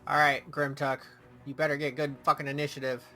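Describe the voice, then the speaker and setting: A man's voice: a little high, little pitch movement, fairly quick, bright, forceful tone, faint music behind. A man playing a tabletop game, joking and swearing as he reacts to the game master. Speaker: player. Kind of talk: casual banter at the gaming table.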